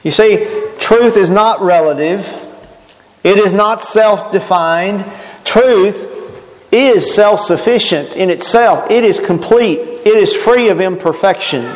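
A man's voice: high-pitched, takes it slowly, big-room sound, low-quality recording. A man preaching a sermon, earnest and emphatic, often restarting his phrases.

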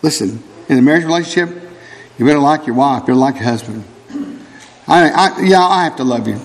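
Animated preacher man in a reverberant hall. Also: medium pitch, a little hiss or hum. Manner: animated, emphatic, with asides and quick laughs. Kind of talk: sermon.

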